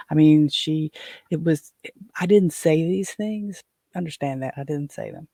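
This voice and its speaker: A man's voice: fairly high pitch, unhurried, vocal fry, dark tone, no echo. An older man hosting his own show, telling a personal story in a rambling way, with frequent restarts and fillers. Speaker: podcast host.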